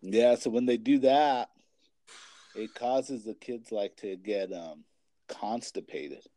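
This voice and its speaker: A young man chats casually in a low, mellow voice, full of filler words and the odd curse. The sound is dry and close, with no room around it. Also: slow pace, no echo. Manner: rambling, heavy filler words and swearing. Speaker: parent and kids' basketball coach. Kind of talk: casual chat.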